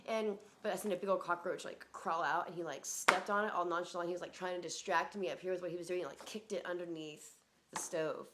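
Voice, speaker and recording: A woman's voice: on the low side, fairly even intonation, fast talker, background noise. A woman telling a personal story in a rambling, casual way, full of fillers, swearing and laughter.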